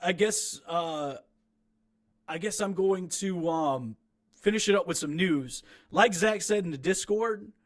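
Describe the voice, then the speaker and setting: A young man talking casually from his small home recording room, critiquing his own rap track in a rambling, frank, self-deprecating way with many restarts. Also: a little high.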